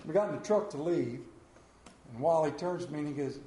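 High-voiced guy in his 50s preaching, folksy storyteller, echoey room. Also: fairly quick, mellow. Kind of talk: sermon with personal story.

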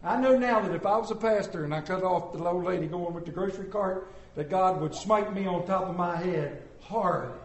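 A man preaching a sermon as pastor, folksy and animated, joking with the congregation. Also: high voice, a little fast, few pauses. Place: church sanctuary. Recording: echoey church room.

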